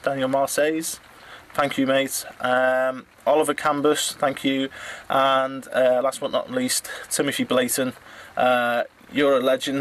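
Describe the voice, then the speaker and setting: A middle-aged man from England speaks in a flat, even tone. He halts often, fills gaps with uhs and ums, and stumbles over names as he thanks his online followers. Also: medium pitch, a little hiss or hum. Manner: halting, many fillers, stumbles over names. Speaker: drone hobbyist vlogger. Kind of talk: casual thank-you message to viewers.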